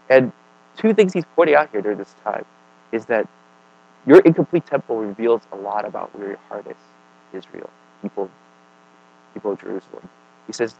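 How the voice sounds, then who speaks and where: Male preacher, mid-pitched, conversational sermon, dry sound with a faint mains hum. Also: creaky, dry recording, low-quality recording. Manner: conversational, keeps asking "right?" and "okay?"; swings between emphatic and quiet.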